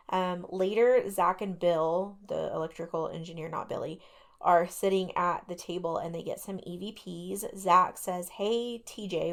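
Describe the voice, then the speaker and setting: A woman co-hosting a radio talk show, casually retelling ghost stories with lots of fillers and skeptical asides. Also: on the low side. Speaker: podcast co-host.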